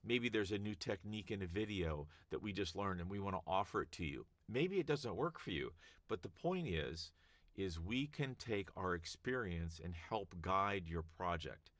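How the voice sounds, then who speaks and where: A man's voice: deep voice, expressive, normal speed, a bit bright, no room sound. A man who works as a voice actor, talking casually and emphatically about how scripts should sound. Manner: conversational, emphatic, demonstrates readings. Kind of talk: casual advice talk to camera.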